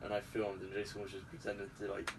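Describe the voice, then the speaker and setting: A young man, chatting casually with a friend and telling stories in an animated way. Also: lowish voice, fast talker. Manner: animated storyteller, acts out quotes. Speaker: host. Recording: distant mic with faint background noise.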